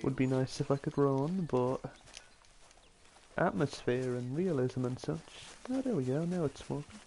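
A man's voice: mid-range voice, lively intonation, unhurried, mellow, slight background noise. A man streaming a game at home, talking in a dry, self-deprecating, offhand way. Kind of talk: casual live-stream commentary.

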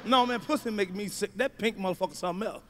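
A male stand-up comedian, delivering a profane routine with shouted punchlines. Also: high voice, quick pace, a little hiss or hum.

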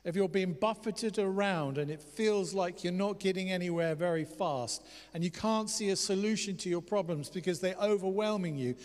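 A man's voice: high voice, normal speed. Man preaching in a reverberant church. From England. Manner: animated, swings from loud exclamations to hushed quoted words. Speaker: pastor. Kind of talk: sermon. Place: church hall. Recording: long church hall reverb.

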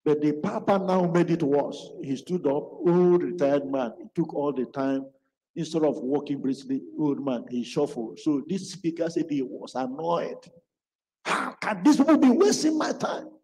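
Male preacher, fairly high pitch, mellow tone, storytelling sermon, long hall reverb. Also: moderate pace. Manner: acts out quoted speech in his stories.

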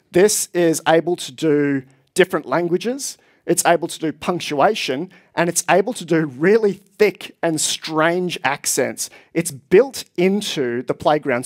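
A man presents at a tech conference with a slightly high voice. He explains figures eagerly and speaks to a live audience from the stage.

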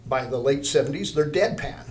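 A man's voice: fairly high pitch, expressive, normal speed, slight background noise. An older man, an art teacher, telling a story in an interview, rambling, with many restarts.

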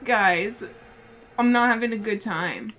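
A young woman streaming a horror game live, excitable, swearing and laughing often. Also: mid-range voice, slow pace, background noise. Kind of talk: live gameplay commentary.

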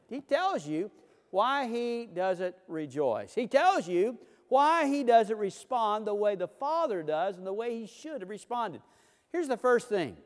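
A man's voice: sits high, big-room sound. A man preaching a sermon as pastor in a church sanctuary, building emphasis through repeated phrases.

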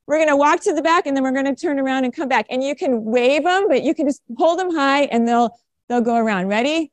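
A woman pastor with a high, light voice gives a bright, coaxing children's sermon in simple, plain words, then moves into the main sermon in the church sanctuary. She talks fast and expressively. The recording is close and dry, with little room sound and no echo.

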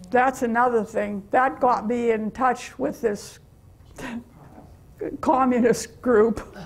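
A woman's voice: fairly high pitch, creaky. An older American woman telling stories of her mission trip to a church meeting, chatty and laughing often. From USA. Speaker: guest speaker.

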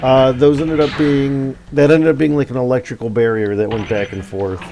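A man's voice: mid-range voice, fairly even intonation, moderate pace, dark tone, slight background noise. A young man hosting a let's play, rambling through casual commentary with lots of fillers and swearing when the game frustrates him. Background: game music.

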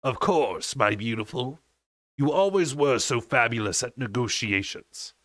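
A man voicing a fat, patronizing male creature moneylender with a deep, wide, oily drawl. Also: expressive, fairly bright tone, no echo. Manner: patronizing, slow and drawn out.

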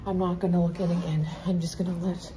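A woman vlogging from her garden, excitable and out of breath, talking in a rush full of "like" and sometimes dropping to hushed whispers. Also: on the low side, quick pace, a little hiss or hum, rough recording. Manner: excitable and emotional, lots of "like"; drops to hushed whispers near the nest. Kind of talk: casual vlog to camera. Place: outdoors in a home garden and deck.

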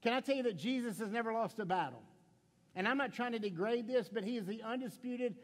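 A man delivers an impassioned sermon as a pastor, his voice sitting high for a man. He swings between fired-up emphasis and quiet, hushed asides, putting questions straight to the congregation. A long reverb trails off each phrase. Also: fast talker.

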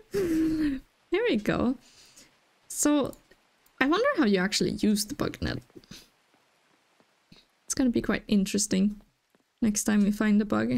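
A young woman casually talking through a farming video game, chatty, giggling and easily excited. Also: on the high side, creaky. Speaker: gaming channel host. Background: faint game music.

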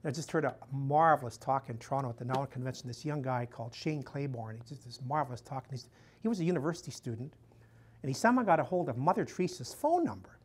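A man's voice: medium pitch, animated, fast talker, husky. A male missionary priest talks to a room full of listeners in a loose, conversational way. He strings his points together as stories and often drops in "you know". When he quotes someone, he lifts his voice to act out the dialogue. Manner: chatty, storytelling, acts out quoted dialogue in a raised voice, frequent "you know". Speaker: missionary priest giving a talk. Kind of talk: conversational lecture to a live audience. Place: room with a live audience.

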